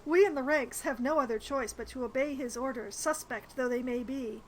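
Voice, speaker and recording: A woman's voice: sits high, moderate pace, slight background noise, rough recording. A woman streaming a role-playing game, reading the dialogue aloud and adding wry, chatty asides. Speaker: gamer streaming a playthrough.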